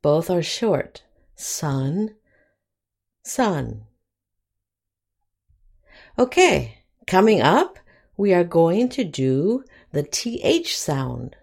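A woman teaching an English phonics lesson, saying each example word slowly and clearly. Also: lowish voice, big pitch swings, darkish tone. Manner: drawn-out, clearly enunciated example words.

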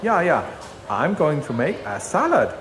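A man's voice: on the high side, huge pitch swings, a little slow, a bit bright, roomy sound, slight background noise, exaggerated voice. An actor playing a cheerful German man shopping at a greengrocer's, with a German accent and stiff, formal English. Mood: eager.

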